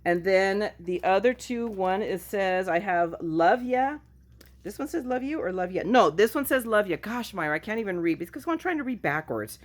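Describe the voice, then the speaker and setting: A woman's voice: mid-range voice, lively intonation, fairly quick, hardly any pauses. A woman chatting casually at home in a craft haul video, goofy and self-mocking as she shows her finds. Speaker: craft vlogger.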